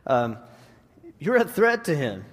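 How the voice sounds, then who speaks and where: A man preaching in a conversational, animated style with frequent restarts and asides. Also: a little high, takes it slowly. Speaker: preacher and middle school teacher. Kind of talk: sermon. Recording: long hall reverb.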